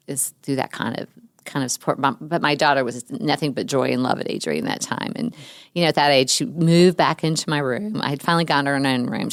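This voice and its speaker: A middle-aged woman with a low voice and a gravelly edge tells personal stories as an interview guest. She is chatty and laughs often, lifting into a higher voice whenever she quotes a child. The sound is close and dry, with no room around her. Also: no echo. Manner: warm, chatty storyteller who laughs often.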